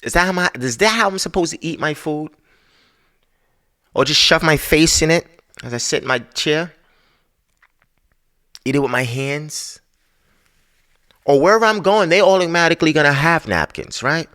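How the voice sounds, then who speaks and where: A man's voice: fairly high pitch, lively intonation, moderate pace, long pauses, pushed and bright. A man hosting a podcast, telling a story in a casual, profane, exasperated rant. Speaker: podcast host.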